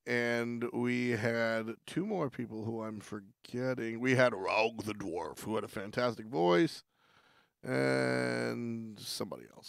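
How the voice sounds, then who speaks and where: Casual stream host: a man with a gravelly, resonant voice, rambling and chatty, on a dry close mic. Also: mid-range voice, no echo. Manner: rambling, restarts often, laughs between thoughts. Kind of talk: casual livestream chat.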